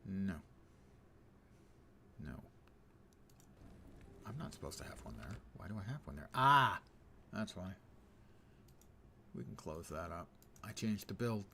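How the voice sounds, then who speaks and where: A man streams a game with a low voice that swings widely in pitch. He talks in a playful, rambling way and often slips into muttered, half-whispered asides. A steady hiss of background noise sits under the recording. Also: unhurried, creaky, pauses often. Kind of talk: casual gameplay commentary.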